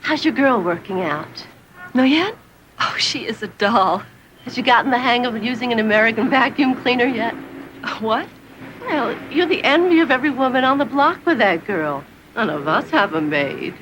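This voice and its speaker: A woman's voice: fairly high pitch, animated, normal speed, noisy background, lightly acted. An actress playing a spiteful, gossiping neighbor woman who speaks in a sugary, snide way, in a clip from an old TV show.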